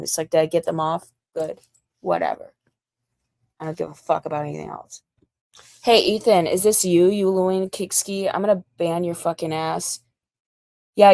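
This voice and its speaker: A woman's voice: fairly low pitch, darkish tone, no room sound. A young American woman livestreaming, ranting in a rambling, heated and profane way. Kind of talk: casual livestream rant.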